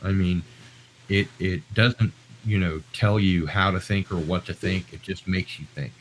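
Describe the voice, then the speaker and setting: A man's voice: deep voice, steady tone, measured pace, slight background noise, rough recording. An American man live-streaming, talking in a chatty, rambling, self-deprecating way. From United States. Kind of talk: casual live-stream chat.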